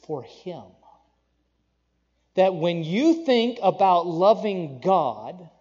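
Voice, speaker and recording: A man preaching a conversational sermon, animated, with asides to the congregation and playful acted-out quotes. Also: high-pitched, lo-fi sound. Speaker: pastor.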